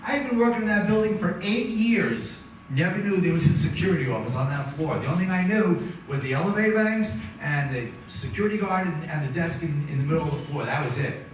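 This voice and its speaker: A man's voice: fairly high pitch, expressive, brisk, hardly any pauses, slight background noise. A man, telling a dramatic survival story to an audience as a guest speaker. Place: hall with audience. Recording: very echoey hall from far off.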